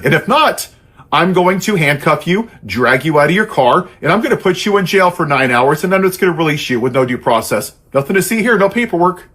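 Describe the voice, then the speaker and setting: A man's voice: a little high, lively intonation, a little fast, a bit bright, breathy edge. A man giving an angry, sarcastic political monologue in an impassioned, ranting way. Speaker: political commentator.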